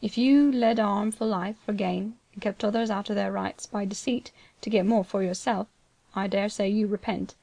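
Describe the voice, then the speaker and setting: A woman voicing a grave, gentle, plain-spoken older male land agent, speaking quietly, slowly and solemnly. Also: mid-range voice, steady tone, gravelly, no echo.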